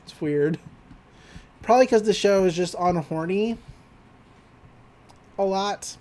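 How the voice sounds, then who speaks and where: Podcast co-host from Texas, mid-pitched, loose and sweary, recapping a cartoon episode. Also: slow pace, darkish tone. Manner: rambling, profane, laughs often.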